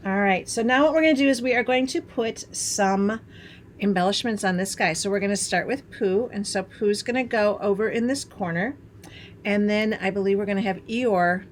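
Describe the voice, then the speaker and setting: A woman's voice: mid-range voice, moderate pace, a little hiss or hum. Chatty woman from Wisconsin demonstrating crafts. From Wisconsin, USA. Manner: bubbly, chatty, laughs at herself, talks while working. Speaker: craft tutorial host.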